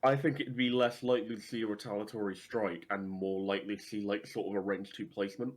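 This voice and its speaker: Male co-host, fairly low voice, lively and sweary tabletop gaming banter. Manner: animated, swears casually, acts out quick voices. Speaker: podcast co-host. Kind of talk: casual gaming chat.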